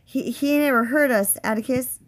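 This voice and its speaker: A woman reading aloud, voicing an excited young boy who babbles and pleads. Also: high-pitched, brisk, pitched above the performer's own voice, natural voice. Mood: pleading. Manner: urgent, babbling.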